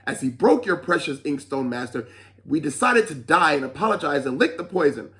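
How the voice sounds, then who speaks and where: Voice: mid-range voice, sing-song, a little fast, fairly bright tone. A storyteller voicing a group of young boy trainee monks, eager and pleading.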